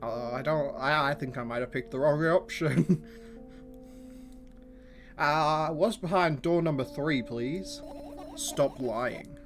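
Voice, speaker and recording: A man chats loosely over a livestream, his voice sitting a touch high for a guy. He giggles and repeats himself as he reads game lines aloud. Clear lo-fi music plays under his talk. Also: takes it slowly, pauses often. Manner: chatty, giggly, stumbles over restarts. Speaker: streamer playing a visual novel. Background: lo-fi background music.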